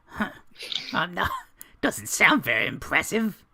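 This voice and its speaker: A man's voice: high voice, sing-song, unhurried, creaky, pushed and bright, voice pushed up, full character voice. A man voicing a short, gaunt male jester who taunts and sneers. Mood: mocking.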